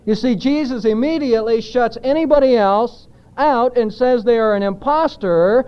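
A man delivers a sermon with a notably high voice, pressing his points with emphasis. He throws rhetorical questions out to the congregation. The recording is muffled and lo-fi, with its highs dulled. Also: normal speed, smooth. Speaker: pastor. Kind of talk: expository sermon.

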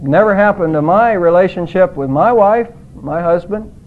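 Male preacher, earnest and emphatic, high-pitched, lo-fi phone-quality recording. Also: moderate pace. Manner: earnest preaching, emphatic rises on quoted words. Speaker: pastor. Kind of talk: sermon. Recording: tinny phone-like audio.

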